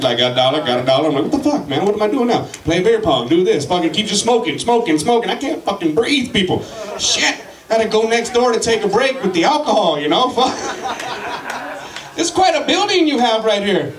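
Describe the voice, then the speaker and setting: A man's voice: high-pitched, far from the mic. Breathless swearing man on stage. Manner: rowdy, swearing, shouting at the crowd. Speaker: stand-up comedian. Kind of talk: stand-up comedy. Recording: echoey room, mic from afar, loud crowd.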